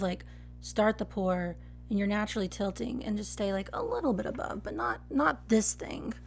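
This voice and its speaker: A woman's voice: mid-range voice, creaky. A young woman from Texas with a Texan accent, chattily critiquing latte art pours on a live stream with fillers and restarts.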